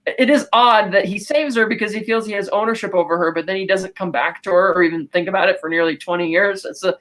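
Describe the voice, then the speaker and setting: A woman co-hosting a podcast, casually recapping a film and quoting characters in quick asides. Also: medium pitch. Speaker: podcast co-host.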